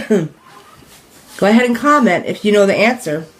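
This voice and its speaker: A woman's voice: medium pitch, expressive, a little slow. A woman teaching in a live stream, talking casually with many fillers, asking viewers questions, repeating her points and laughing lightly. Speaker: direct sales business coach.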